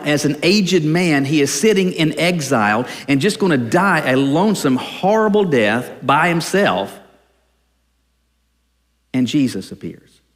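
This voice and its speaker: A man preaching a sermon in an earnest way, pausing and restarting as he speaks. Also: a little high, in a large hall. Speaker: pastor.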